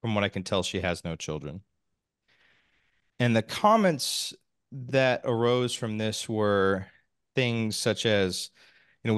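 A man hosting a podcast, talking in a measured way with restarts and small laughs. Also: fairly low pitch, animated, clear, resonant tone, no room sound, clean studio sound. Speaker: podcast host. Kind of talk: casual podcast chat.

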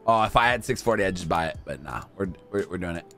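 A young man giving casual gameplay commentary, talking to himself and to in-game customers, swinging from mumbles to shouts. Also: low-pitched, lively intonation, fast, faint music behind. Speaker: gaming YouTuber.

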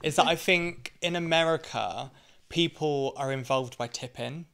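A man's voice: fairly high pitch, measured pace, creaky, clear, resonant tone. A man from the UK, a podcast co-host and drag performer, telling stories with lots of "like". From United Kingdom. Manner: animated storytelling, lots of "like". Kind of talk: casual podcast chat.

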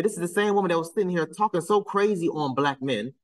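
A man's voice: high voice, animated, quick pace, hardly any pauses, a bit bright, distant mic, poor audio. A man hosting a casual reaction commentary, talking bluntly and getting exasperated, his voice climbing when he is incredulous. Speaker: commentary channel host.

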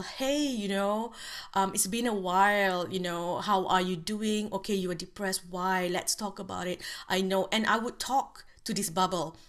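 A woman talks her viewers through a tarot reading and an emotional release technique. Her delivery is gentle and reassuring, with plenty of fillers and restarts as she thinks aloud. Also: fairly low pitch. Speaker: tarot reader. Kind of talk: spiritual guidance talk.

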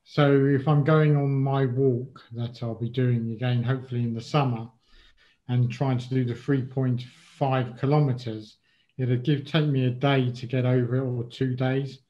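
A man's voice: medium pitch, steady tone, normal speed, dark tone, lo-fi sound. A middle-aged man from England, a guest in an interview, speaking casually and hesitantly, with many ums and restarts.

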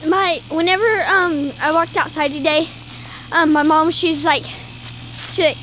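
A young woman, chatting excitedly to her phone camera outdoors in falling snow, full of "y'all" and "like". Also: very high-pitched, slow, long pauses. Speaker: vlogger. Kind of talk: casual outdoor vlog. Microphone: handheld phone camera. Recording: noisy outdoor phone recording.

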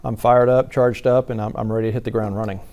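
A man's voice: lowish voice, level tone, fast talker, dark tone. A man, answering news interview questions earnestly and often restarting his sentences. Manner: earnest, repeats words when starting sentences. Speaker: insurance commissioner-elect.

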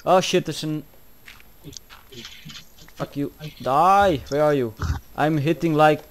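A man with a somewhat high voice narrating his game in frantic bursts. He panics, exclaims and swears constantly, with faint clicks and typing behind him. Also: fairly even intonation, a little slow, slight background noise. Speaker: gameplay commentator. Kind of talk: let's-play commentary.

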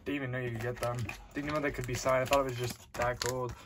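A young man hosting a casual card-opening video, chatting loosely and getting excited at good pulls. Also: medium pitch, quick pace, noisy background. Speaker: card-opening channel host.

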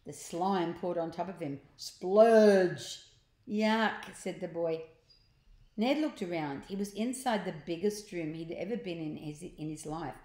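A woman reading a children's book aloud, pausing to explain words and pictures to young listeners. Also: fairly low pitch, dark tone. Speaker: storyteller. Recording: echoey room.

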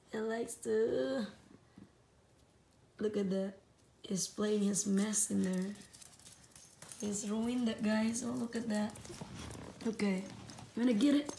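A woman vlogging at home with a hoarse voice, baby-talking and cooing to her dog and cat. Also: mid-range voice, fairly even intonation, unhurried, pauses often, warm tone, a little hiss or hum. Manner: coos and baby-talks to her pets. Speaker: vlogger filming her pets. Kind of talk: casual pet-talk vlog. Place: at home indoors.

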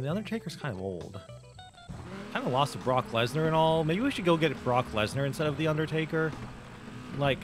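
A man's voice: a little high, fairly bright tone. A young man casually commenting on his gameplay, joking and rambling with plenty of fillers. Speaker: gaming video host.

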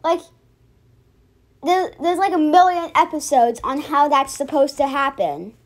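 A woman's voice: high-pitched, a little slow. A young woman giving casual, mocking commentary on a cartoon episode, often stopping and restarting. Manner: chatty, restarts a lot, mocking. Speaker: reaction video host.

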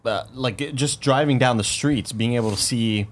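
A man in his thirties chatting casually as a podcast co-host, relaxed and asking questions. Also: medium pitch, moderate pace. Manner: laid-back, swears casually, asks questions. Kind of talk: casual chat.

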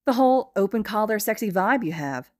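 A woman's voice: mid-range voice, brisk, no room sound, clean studio sound, pitched above the performer's own voice, close to an everyday voice. A bubbly, gushing teen girl, put on by a woman reader. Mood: excited. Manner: excited, gushing. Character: bubbly, enthusiastic teenage girl.

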